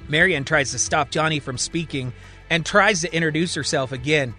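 A man narrating a fiction story and voicing its characters in an animated way. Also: normal speed, faint music behind. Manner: animated, voices characters with raised pitch. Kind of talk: storytelling narration with voiced dialogue.

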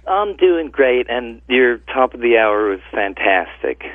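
A man's voice: medium pitch, sing-song, unhurried, no echo. A man calling in to a radio show, friendly and rambling, chuckling as he asks questions. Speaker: caller. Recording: tinny phone line.

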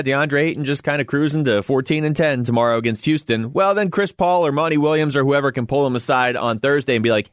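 A man's voice: fairly high pitch, no echo. Chatty male sports radio host, dry studio. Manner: chatty, laughs often, quick asides. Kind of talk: casual sports radio talk.

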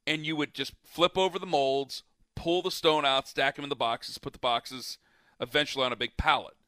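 A man's voice: fairly high pitch, steady tone, normal speed, sharp tone, no echo, clean studio sound. A man in casual chat, telling long rambling stories with lots of fillers and restarts.

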